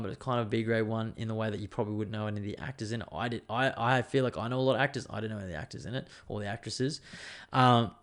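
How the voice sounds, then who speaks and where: A man hosting a podcast on his own, chatting casually in a rambling, sweary, laid-back way. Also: medium pitch. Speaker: podcast host. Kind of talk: casual solo podcast chat.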